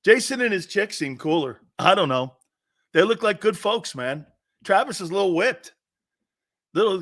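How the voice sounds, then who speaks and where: A brash, middle-aged man hosts a sports talk show, cracking profane jokes and laughing as he rambles. His voice sits fairly high for a man and sounds bright and sharp. He talks in a loose, rolling monologue.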